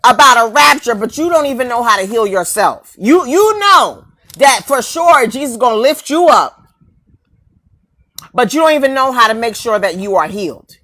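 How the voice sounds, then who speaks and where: A woman's bright, forceful voice, a little high and animated, goes at normal speed in a confrontational, preachy rant to camera. Rhetorical questions and repeated lines fly as she mocks the people she's targeting.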